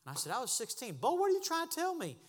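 A man preaching a sermon as pastor, impassioned, dropping to a hush and then rising to a shout. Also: extremely high pitch, huge pitch swings, rapid-fire, in a large hall. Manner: impassioned, swings from hushed to shouting. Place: church sanctuary.

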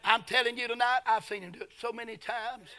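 Fervent preacher man, bright high voice. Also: fairly even intonation, a little fast. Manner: fervent, swings from hushed to shouting. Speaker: pastor. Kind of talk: sermon.

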